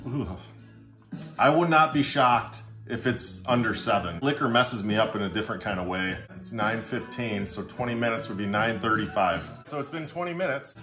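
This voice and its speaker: A man's voice: fairly low pitch, lively intonation, normal speed, a bit bright, faint music behind. A young man hosting a casual vlog, talking to the camera in a chatty, upbeat, joking way. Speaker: vlogger testing drinks on a breathalyzer.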